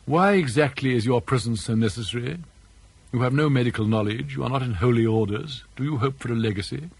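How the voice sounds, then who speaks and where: A man's voice: medium pitch, vocal fry, slightly rough, no echo. A man voicing an elderly English father who is dry, mischievous and mock-courteous, with an arch, ironic manner. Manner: arch, ironic, drawn-out emphasis.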